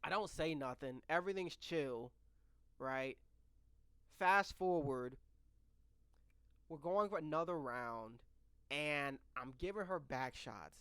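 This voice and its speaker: A young man in his twenties spinning a storytime tale with a sharp, bright voice. He is animated, laughs often, trips over his own words, and swears freely as he talks straight to the camera. The sound is close and dry. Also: on the high side, takes it slowly, long pauses, smooth, no echo. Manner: swears casually, addresses viewers directly. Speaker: vlogger telling a story. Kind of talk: casual storytime monologue.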